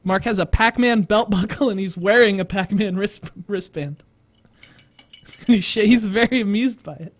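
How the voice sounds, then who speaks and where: A man with a high-pitched voice hosts a casual live stream. He rambles through his stories with plenty of self-mockery and quick laughter. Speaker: host. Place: studio.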